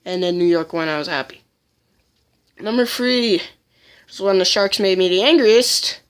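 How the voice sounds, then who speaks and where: A woman with a medium-pitched voice talks through a casual countdown as a fan vlogger. She is blunt and opinionated. She often breaks off and restarts her sentences. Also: moderate pace, clear, resonant tone.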